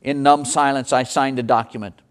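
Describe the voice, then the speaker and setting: A man's voice: medium pitch, steady tone, moderate pace. A man preaching, telling a dramatic first-person story as a sermon illustration. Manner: dramatic storytelling, voicing the characters.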